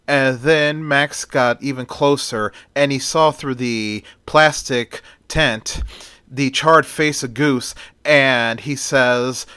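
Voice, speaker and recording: A man's voice: medium pitch, steady tone, unhurried, pushed and bright, clear, resonant tone, no echo, studio quality. A man narrating an amateur fan story in a plainspoken, run-on way.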